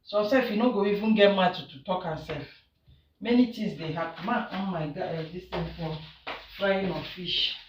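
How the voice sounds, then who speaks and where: A woman's voice: fairly low pitch, moderate pace. A woman with a Nigerian accent chatting and teasing while she cooks at home, laughing often. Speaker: social media commentator. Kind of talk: casual commentary while cooking. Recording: roomy, distant from mic, faint noise.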